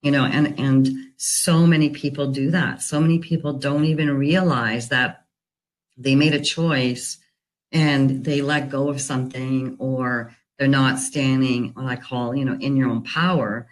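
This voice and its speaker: A woman's voice: rumbling low, steady tone, unhurried, low-quality recording. Earnest woman coach telling a story. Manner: earnest, conversational, many "you know" fillers. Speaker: relationship and divorce recovery coach. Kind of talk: reflective personal storytelling.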